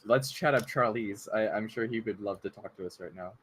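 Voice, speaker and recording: A man's voice: on the low side, brisk, fairly bright tone, slightly rough. A man playing in a tabletop game, chatting and teasing the others. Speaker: player. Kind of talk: casual chat at a tabletop game.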